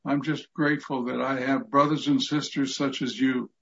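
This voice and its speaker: A man's voice: medium pitch, flat delivery, moderate pace, gravelly. An 85-year-old man giving an earnest, emotional testimony of gratitude in a group video call. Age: 80s. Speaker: fellowship group member. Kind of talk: heartfelt testimony in group chat. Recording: muffled lo-fi video call audio.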